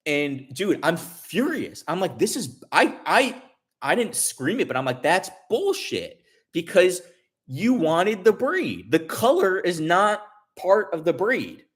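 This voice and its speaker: A man in his forties chatting casually to his livestream viewers, rambling, restarting often and telling an animated story. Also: high voice, a little slow, slightly rough. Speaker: livestream host.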